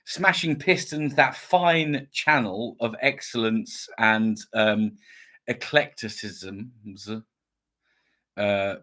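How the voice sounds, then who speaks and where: A man's voice: lowish voice, slow, bright, forceful tone. A man hosting a casual live stream, chatting in a rambling way as he greets viewers and reads out their comments. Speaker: YouTube channel host.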